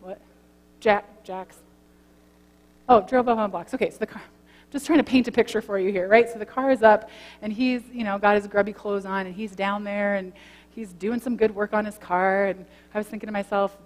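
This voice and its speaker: A woman pastor giving a sermon, telling a story in a conversational way and then praying gently. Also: mid-range voice, steady tone, brisk. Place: church sanctuary. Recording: long church hall reverb, faint hum.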